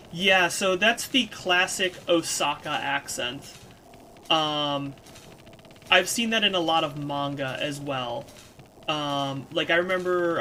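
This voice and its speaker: A woman's voice: sits low, bright, forceful tone, a little hiss or hum, poor audio. A woman streamer who reads a story game aloud and breaks off into casual, chatty asides. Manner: casual, chatty, with fillers between reading.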